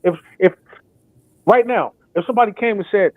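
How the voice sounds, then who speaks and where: A young man talking sports on a podcast, excited and casual, often acting out made-up quotes. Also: high-pitched, moderate pace, long pauses, no room sound. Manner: acts out imagined quotes in put-on voices. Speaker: podcast co-host. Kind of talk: animated sports talk. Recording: thin phone-like sound.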